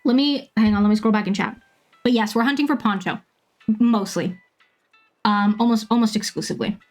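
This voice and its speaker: A woman around thirty from Bermuda, chatting casually with viewers while she plays a game, laughing often and filling pauses with ums. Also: medium pitch, soft background music. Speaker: streamer.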